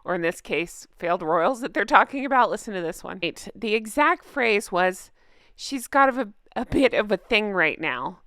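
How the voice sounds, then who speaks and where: A woman's voice: mid-range voice, lively intonation, moderate pace, a bit bright, no echo, clean studio sound. A woman hosting her own channel, chatting in a snarky, gossipy way and laughing often. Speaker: commentary channel host. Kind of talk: casual gossip commentary.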